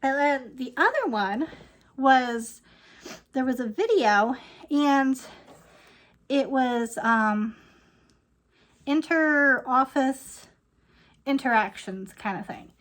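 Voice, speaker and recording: A woman's voice: sits high, lively intonation, slow pace, long pauses, a bit bright. A woman in her thirties ranting casually to camera, rambling and laughing often as she talks. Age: 30s. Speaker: vlogger.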